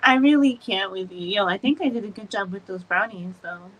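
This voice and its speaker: A woman co-hosting a podcast in casual chat, expressive, laughing often and swearing freely. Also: medium pitch, fairly quick, dull audio. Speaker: podcast co-host.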